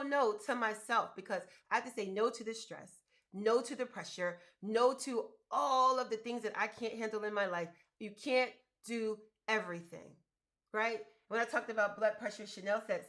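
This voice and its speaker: With a slightly high, fairly bright voice and lively intonation, this woman talks briskly. She is a business coach in her fifties running a casual livestream, hammering her points home and saying her key words again and again.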